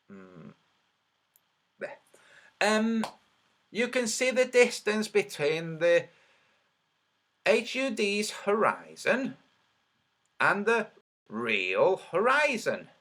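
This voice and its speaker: A man with a high, bright voice and a trembly edge gives a slow, argumentative commentary over his screen. He counts out loud, and his pitch jumps around a great deal. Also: sing-song. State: slightly trembly voice. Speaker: online video creator.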